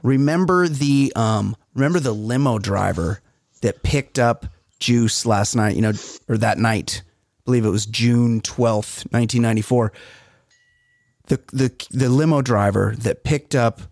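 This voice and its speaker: A man co-hosting a comedy podcast, teasing his friends loudly and swearing freely in casual banter. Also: medium pitch, measured pace, creaky, dry recording, studio quality. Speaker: podcast co-host.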